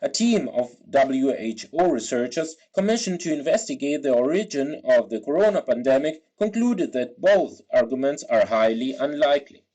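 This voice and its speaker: A man's voice: mid-range voice, lively intonation, normal speed, few pauses, mellow, low-quality recording. A man giving an academic philosophy talk in a careful, structured way. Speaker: lecturer.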